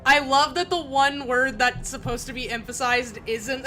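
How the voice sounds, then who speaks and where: Bright, excitable woman game streamer. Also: sits high, moderate pace, hardly any pauses, faint music behind. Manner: excitable, gushing, bursts of loud laughter. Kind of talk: live gameplay commentary.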